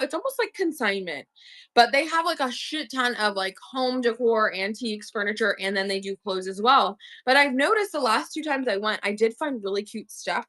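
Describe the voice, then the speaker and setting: A woman's voice: fairly high pitch, fairly bright tone. A young woman chatting casually with viewers on her own livestream, slangy and talkative. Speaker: online reseller hosting a livestream.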